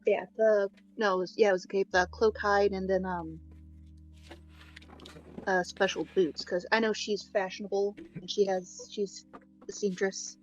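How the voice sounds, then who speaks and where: A woman at a role-play table works through what her character will do next, stopping to restart with plenty of "like". Her voice sits at an ordinary pitch. The mic makes her sound dull and muffled, with faint music behind. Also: little pitch movement, measured pace. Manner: hesitant, full of "like" and restarts. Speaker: player.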